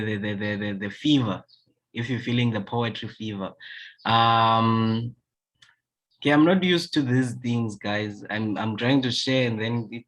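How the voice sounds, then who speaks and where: A man's voice: medium pitch, a bit bright, poor audio. A man with a South African accent, a native Xhosa speaker, hosting a book launch over a video call and often repeating words as he searches for them. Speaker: event host and published poet.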